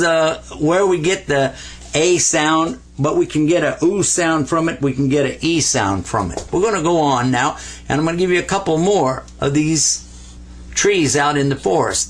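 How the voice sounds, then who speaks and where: A man gives a whiteboard Arabic lesson in a folksy, playful style, drawing the letters as he explains them and stretching out the sounds he drills. His voice is fairly high with a breathy edge.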